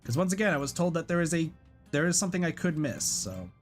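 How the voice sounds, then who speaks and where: Man streamer, rambling chat over gameplay, lively pitch, faint music behind. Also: fast talker. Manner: rambling, hesitant. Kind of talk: casual gameplay commentary.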